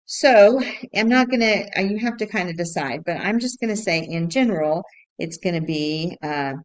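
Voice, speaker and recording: Woman, low-pitched math teacher, patient recorded lesson, explains step by step. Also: animated, normal speed, rough recording. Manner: patient, repetitive, thinks aloud with fillers.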